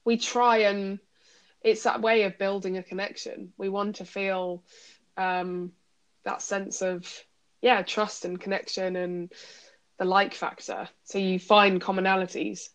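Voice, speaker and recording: A woman in easy conversation, working through her thoughts out loud with pauses and restarts. Her pitch sits in an ordinary middle range. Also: little pitch movement. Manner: thinks aloud with many pauses and restarts. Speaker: podcast co-host; coach. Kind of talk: casual chat.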